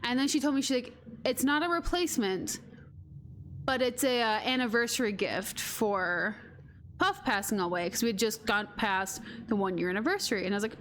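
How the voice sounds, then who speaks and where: A woman with a slightly high voice rambles through a personal story at her streaming desk, quoting her sister along the way. A faint hum sits under the recording. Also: moderate pace, fairly bright tone. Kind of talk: casual storytelling while gaming.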